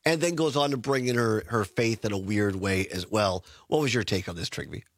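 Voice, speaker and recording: A man's voice: fairly low pitch, a little fast, no echo, studio quality. A man from Wisconsin hosting a political call-in radio show, chatty, with frequent fillers and short laughs. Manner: chatty, laughs between phrases, many fillers. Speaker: radio talk show host. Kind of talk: casual political talk radio.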